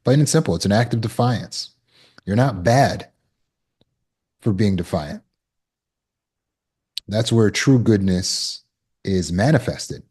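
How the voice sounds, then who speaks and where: A man with a low voice teaches trauma recovery in a relaxed, conversational way. He often acts out brief imagined exchanges to make a point. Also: slow pace, long pauses, husky. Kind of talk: teaching talk.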